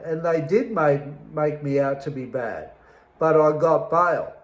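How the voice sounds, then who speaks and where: A middle-aged Australian man recounting his own past in a slow, emphatic, bitter way, pausing often. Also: on the high side, expressive, echoey room, low-quality recording. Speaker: interviewee telling his life story. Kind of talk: personal testimony.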